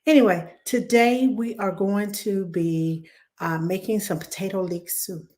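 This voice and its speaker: A woman, hoarse from laryngitis, chatting warmly as she hosts a live cooking demo and greets viewers by name. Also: medium pitch, fairly even intonation, unhurried. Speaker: cooking show host.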